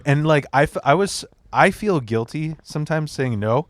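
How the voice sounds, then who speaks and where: A man's voice: a little high, expressive, moderate pace, no room sound. A man, a standup comedian, telling long, profane stories as a guest on a podcast. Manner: profane, rambling anecdotes. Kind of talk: casual podcast storytelling.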